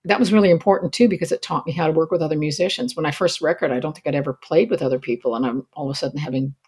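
An older woman from the Canadian prairies, a singer-songwriter guest chatting lively in an interview, with many restarts and asides. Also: deep voice, rapid-fire, breathy edge. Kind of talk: casual interview chat.

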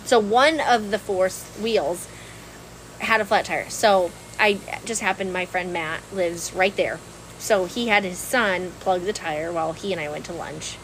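Brief: woman co-host, New lilt, rambling animated storyteller, faint hiss behind. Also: fairly low pitch, unhurried, rough recording. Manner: animated, laughs often, rambling with restarts. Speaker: podcast co-host. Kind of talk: casual storytelling chat.

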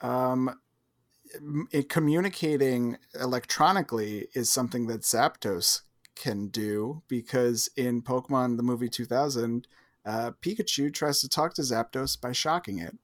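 A man's voice: medium pitch, unhurried. A man co-hosting a podcast in casual chat, hesitant and full of fillers. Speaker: podcast co-host.

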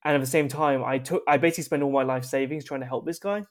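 A man's voice: medium pitch, fairly even intonation, fast talker. A young man, a podcast guest telling rambling, offhand travel stories in a wry, casual way. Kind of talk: casual anecdotal storytelling.

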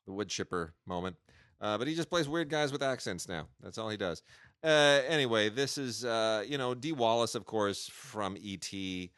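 A man's voice: fairly low pitch, animated, moderate pace, fairly bright tone, clear, resonant tone, dry recording. A man co-hosting a podcast, casually reviewing films with wry, dry asides. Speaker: podcast co-host, film reviewer.

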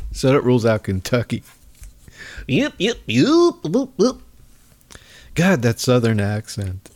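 A man's voice: mid-range voice, huge pitch swings, slow pace, long pauses, a little mellow. A man hosting a podcast, delivering a sarcastic, mocking comedic political monologue. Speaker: podcast host.

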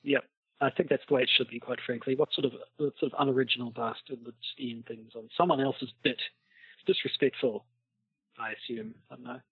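Husky man on a tinny call line. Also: mid-range voice, steady tone, brisk, no echo. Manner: wordy, rambling, dry humor. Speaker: podcast co-host. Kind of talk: casual chat over a call. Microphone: internet call.

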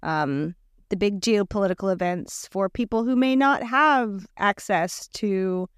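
A woman co-hosts a podcast in a chatty, giggly way and leans on plenty of fillers. Her voice is smooth and clear at an ordinary middle pitch. The close mic sounds dry. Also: a little slow, dry recording. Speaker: podcast co-host. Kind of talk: casual podcast chat.

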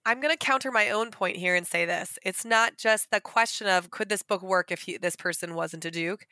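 A woman co-hosting a book podcast, making her case in animated casual talk. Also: medium pitch, moderate pace, no echo. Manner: animated, argumentative. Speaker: podcast co-host.

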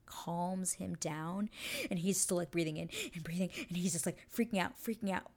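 A woman's voice: lowish voice, vocal fry. A woman hosting a podcast, chatting casually and rambling with lots of "like" as she recaps a TV episode and acts out the characters' lines. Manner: gushing, rambling, heavy use of "like". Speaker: podcast host.

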